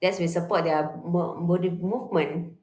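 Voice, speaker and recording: A woman with a fairly low voice explains a children's movement activity, often pausing with fillers and restarting her sentences. The room around her rings with a noticeable echo. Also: steady tone, darkish tone. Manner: halting, with many fillers and restarts. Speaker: therapy activity instructor. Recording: echoey room.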